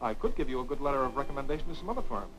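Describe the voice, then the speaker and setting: An actor plays a teasing young lawyer in a 1940s film. His mid-range voice moves freely up and down, with soft, fond banter. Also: mid-range voice, lively intonation, very fast, close to an everyday voice, low-quality recording. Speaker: lawyer leaving for a new post.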